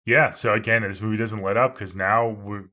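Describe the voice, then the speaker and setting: A man's voice: on the low side, steady tone, a little fast, bright, forceful tone. A man co-hosting a podcast, talking through a horror film in a laid-back way with casual swearing. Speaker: podcast co-host. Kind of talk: casual movie review chat.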